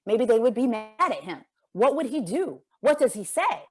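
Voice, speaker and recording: A woman in her fifties giving a guest speech, telling a personal story earnestly and emphatically, her voice climbing high as she presses rhetorical questions. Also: big pitch swings, normal speed. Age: 50s. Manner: voice rises high when impassioned. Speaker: guest speaker.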